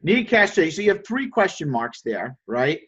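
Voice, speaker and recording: A man's voice: fairly high pitch, sing-song, moderate pace, a bit bright, husky. A man leading a sales coaching call with his group. He stumbles over and repeats words and keeps checking in with "right?". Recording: dull lo-fi audio.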